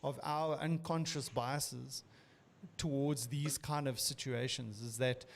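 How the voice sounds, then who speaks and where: A man's voice: medium pitch, fairly even intonation, takes it slowly, gravelly. A man as a guest in a casual podcast chat, thoughtful, agreeing often and circling back to his point.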